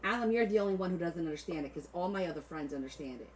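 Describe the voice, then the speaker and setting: Animated New Jersey woman livestreaming. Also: fairly low pitch, racing, slight background noise, poor audio. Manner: animated and joking, chatting with viewers. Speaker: livestream host. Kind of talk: casual livestream chat.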